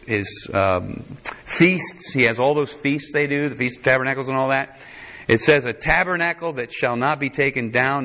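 A man preaches with animated, folksy energy, jumping into quoted voices as he reads scripture. His voice sits in an average pitch. The recording is a little dull and lo-fi. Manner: animated, acts out quotes in higher voice, folksy asides. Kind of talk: sermon.

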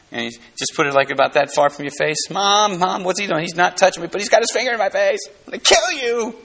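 A man's voice: mid-range voice, pushed and bright. A middle-aged man preaching a sermon in a conversational, folksy way, asking the congregation questions and laughing often. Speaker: pastor.

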